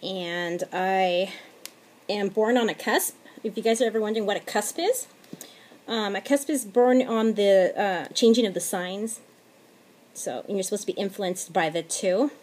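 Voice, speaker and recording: Chatty mom rambling through a craft tutorial. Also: female voice, mid-range voice, moderate pace. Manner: chatty, laughs often, drops to quiet asides. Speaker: crafting vlogger. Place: home at night. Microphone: tablet camera.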